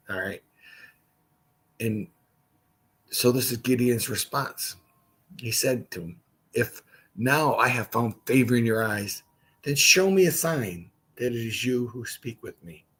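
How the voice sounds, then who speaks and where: A man's voice: medium pitch, fairly bright tone, slightly rough. A man hosting a casual livestream Bible study, reading scripture aloud and stopping for chatty asides.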